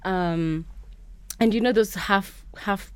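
A young woman from Kenya, a guest in a radio studio, telling stories in a chatty, animated way. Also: mid-range voice, takes it slowly, clean tone, dry recording. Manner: chatty, animated storytelling with quoted voices. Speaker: podcast host and interview guest.

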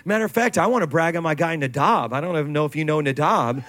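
Animated preaching pastor, fairly high voice. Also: male voice, fast talker, background noise. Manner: animated storytelling with laughs and acted quotes. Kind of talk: sermon. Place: church stage before a congregation.

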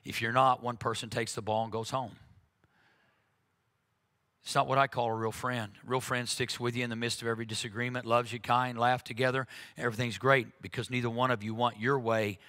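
A man's voice: mid-range voice, little pitch movement, brisk, sharp tone. A man preaching a conversational sermon, talking earnestly and frankly, with frequent "uh"s and restarts.

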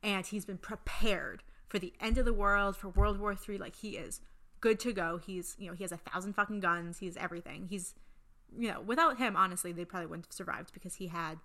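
A young woman in relaxed podcast chat, her voice sitting at a mid pitch with a bright timbre. She talks in an easygoing, chatty way and steers the conversation from one segment to the next. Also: brisk. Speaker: podcast co-host.

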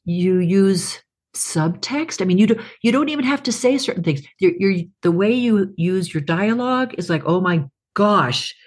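A woman hosting a casual interview, speaking effusively and quickly correcting herself. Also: medium pitch, animated, husky. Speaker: host.

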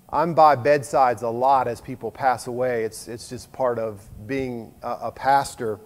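A middle-aged man preaching a sermon as a pastor, earnest and conversational, moving between loud emphasis and hushed asides. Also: mid-range voice, fairly even intonation, a little slow, few pauses. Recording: long reverb of a large hall.

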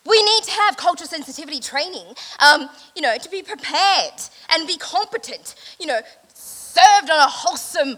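A woman with a high voice delivers a deadpan, mock-earnest lecture, hedging with fillers. Her tone is bright and sharp as she speaks to an event crowd. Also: normal speed, low-quality recording.

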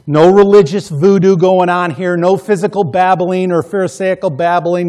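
A male pastor preaching a sermon, emphatic, repeating key phrases and swinging between loud passages and hushed ones. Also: on the high side.

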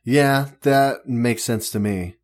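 A man's voice: mid-range voice, takes it slowly. A man co-hosting a casual chat, easygoing and joking, often giving short agreeing replies.

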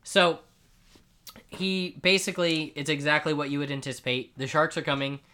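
A man co-hosting a casual podcast, retelling a comic book scene by scene and slipping into quick character voices. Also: on the high side, steady tone, pushed and bright. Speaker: podcast co-host.

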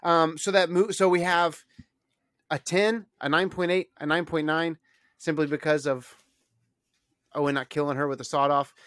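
Man, podcast host, casual chat, rambling, animated, slightly high voice, dry close sound. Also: moderate pace, long pauses, dry recording. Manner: rambling, animated, many fillers.

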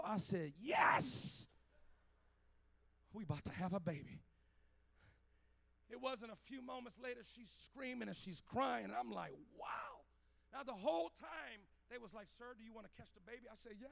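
A man's voice: very high-pitched, fairly quick, creaky, few pauses. A man preaching a sermon in a Pentecostal church, telling a story and building to chanted cadences. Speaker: pastor.

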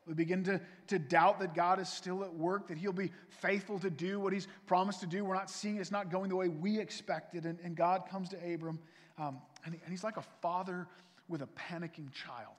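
A man preaching a sermon as pastor, earnest and pleading, his voice swelling louder and then dropping soft. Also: high-pitched, steady tone, brisk. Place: church sanctuary. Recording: long reverb from a church hall.

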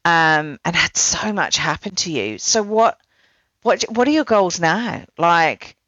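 Woman host, chatty and rambling, lowish voice, dull and dry. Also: expressive, slow pace, fairly bright tone, no echo. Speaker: podcast host. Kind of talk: casual conversational interview.

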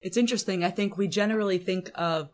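A woman co-hosting a Torah study conversation. She reasons her way through ideas out loud, with hedges and a questioning "right?", at an average pitch for a woman. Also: fast talker. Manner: thoughtful, thinks aloud with hedges and "right?". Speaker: podcast co-host.

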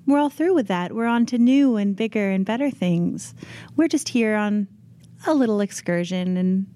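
A woman's voice: mid-range voice, lively intonation, moderate pace, mellow. A woman playing a tabletop role-playing game, breezy and teasing in character. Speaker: player.

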